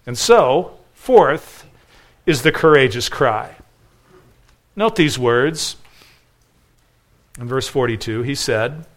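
A man preaching an expository sermon. He is earnest and emphatic, moves from loud stresses to hushed pleading, and stacks short repeated phrases. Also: mid-range voice, lively intonation, takes it slowly, pauses often.

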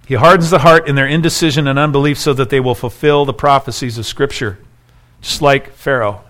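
A man's voice: medium pitch, steady tone, brisk, fairly bright tone. A man preaching an expository sermon, reading scripture aloud and explaining it, rising in intensity when he voices the people in the text. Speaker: pastor.

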